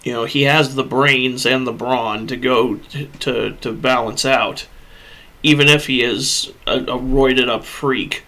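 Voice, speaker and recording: A man hosting a laid-back movie discussion, and his voice comes across bright and forceful. He rants bluntly with plenty of swearing, recorded close on a USB podcast microphone. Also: mid-range voice. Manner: blunt, profane ranting. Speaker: podcast host.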